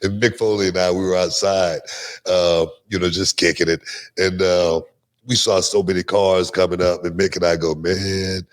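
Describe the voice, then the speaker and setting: A man guesting on a talk show, telling animated stories and often repeating words as he goes. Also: low voice, moderate pace. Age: older. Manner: animated, repeats words, laughs mid-sentence. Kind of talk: casual interview storytelling.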